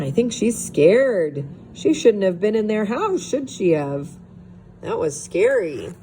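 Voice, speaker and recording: A woman teacher reads a storybook aloud slowly, her pitch rising and falling in lively swings. She pauses often to ask the young children gentle questions. A steady hiss runs under her voice. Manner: expressive, asks the children questions.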